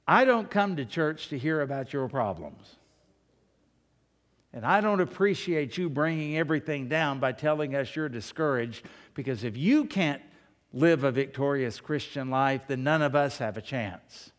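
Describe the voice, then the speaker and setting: A man's voice: mid-range voice, animated, normal speed, lightly acted. A preacher doing a stern scolding church lady. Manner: stern, reproachful. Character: indignant, scolding churchgoing woman. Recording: long hall reverb.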